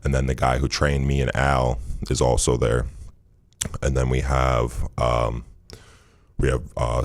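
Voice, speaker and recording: A man's voice: very deep voice, dry recording. A man from Michigan in his thirties, a former basketball player, talking casually in an interview with lots of fillers and restarts. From Michigan, USA. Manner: relaxed, rambling, frequent fillers and restarts.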